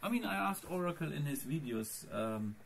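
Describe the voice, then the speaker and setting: In a casual screencast vlog, a Linux vlogger rambles about his computer setup and chats directly to viewers. His fairly high voice has lively intonation and vocal fry at a moderate pace. Slight hiss or hum is audible.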